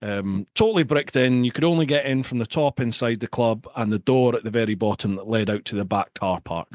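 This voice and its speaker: A middle-aged man telling a story in casual chat, animated and prone to repeating words. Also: mid-range voice, brisk, no echo, clean studio sound.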